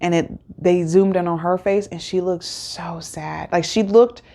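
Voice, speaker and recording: Recapping the episode, this woman host keeps a steady tone and a slightly slow pace. Her lowish voice sounds creaky and mellow, and her casual, rambling delivery is thick with fillers and restarts.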